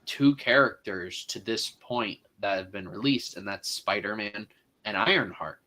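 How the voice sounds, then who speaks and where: A man co-hosting a casual movie podcast, talking through his views in a thoughtful, halting way. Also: fairly low pitch, sharp tone, rough recording. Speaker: podcast co-host.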